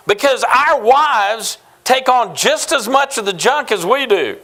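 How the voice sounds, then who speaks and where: High-voiced folksy pastor from New Mexico. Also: male voice, animated, unhurried, sharp tone. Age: 50s. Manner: folksy, humorous storytelling. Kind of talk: sermon.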